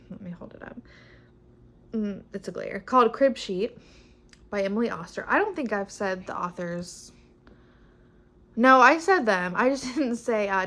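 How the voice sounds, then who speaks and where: A young woman talks through her books in a casual vlog. She's chatty and upbeat, rambling and restarting her sentences, at an ordinary middle pitch. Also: a bit bright. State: pregnant. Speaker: book vlogger. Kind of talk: casual chat.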